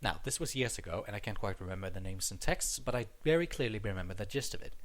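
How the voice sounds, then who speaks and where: A man's voice: lowish voice, expressive, quick pace. A young man reading a scripted stand-up comedy monologue in a wry, joking manner, recorded on a headset mic.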